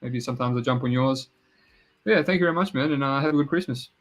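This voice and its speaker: Male podcast host, average pitch, laid-back and halting, chatty wrap-up tone. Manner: easygoing, halting with fillers, laughs along. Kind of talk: casual chat.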